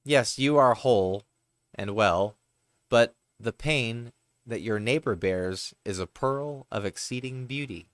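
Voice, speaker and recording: A man reading aloud the lines of a wise male crab in a calm, measured way. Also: medium pitch, dry recording, lightly acted.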